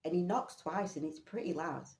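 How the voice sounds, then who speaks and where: A woman telling a personal story in an animated, incredulous way, often laughing. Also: on the low side, moderate pace. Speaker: vlogger. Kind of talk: storytelling monologue. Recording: roomy echo.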